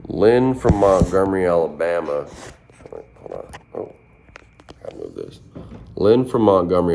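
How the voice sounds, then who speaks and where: Very deep gravelly laid-back man. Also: a little mellow, slight background noise. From southern Minnesota. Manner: laid-back, drawling and playful. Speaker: rapper answering fan questions. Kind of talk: casual chat.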